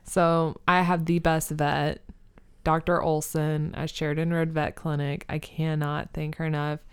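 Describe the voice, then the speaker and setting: Dry, deadpan young woman. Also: sits low, a little slow, clean tone. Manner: dry, sarcastic, deadpan delivery. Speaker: podcast co-host. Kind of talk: casual chat.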